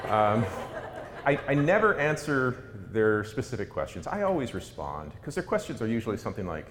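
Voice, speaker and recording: A man's voice: big pitch swings, normal speed. A middle-aged man, an author, giving a humorous talk in a wry, self-mocking way. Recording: echoey hall with faint rumble.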